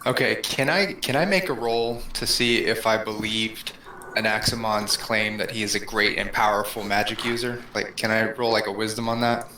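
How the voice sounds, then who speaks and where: Low, warm-toned game player. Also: male voice, steady tone, normal speed, a little hiss or hum. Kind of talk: casual game chat. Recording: echoey room.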